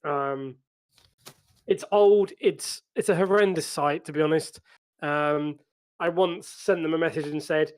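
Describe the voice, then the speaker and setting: A man's voice: fairly high pitch, steady tone, a little slow, a little mellow. A man co-hosting a podcast, chatting casually with many "um"s and repeated starts. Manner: hesitant, many "um"s and repeated starts, chuckles along. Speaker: podcast co-host.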